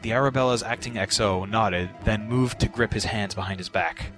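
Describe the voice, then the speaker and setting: A man reads a story aloud in a low, steady voice. His delivery is measured and even. Music plays clearly underneath the narration. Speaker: audiobook narrator. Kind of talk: scripted narration. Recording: narration over background music. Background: background music.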